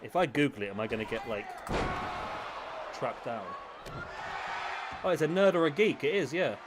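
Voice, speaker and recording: A man's voice: medium pitch, animated, normal speed. A young man streaming a wrestling game, chatting casually with his viewers in a self-mocking way. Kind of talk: casual live-stream chat and commentary. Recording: loud game crowd and background noise.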